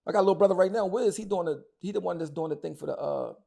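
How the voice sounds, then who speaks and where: A man's voice: sits high, very fast, gravelly, warm tone. A man, talking bluntly and heatedly as an interview guest, often repeating words as he goes. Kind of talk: casual interview talk.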